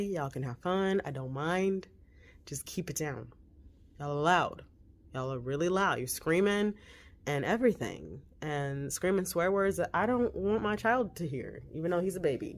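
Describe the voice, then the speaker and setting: A woman's voice: low-pitched, a little hiss or hum. Chatty woman. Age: 40s. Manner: chatty, animated, laughs often. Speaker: vlogger and mother. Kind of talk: casual chat. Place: at home.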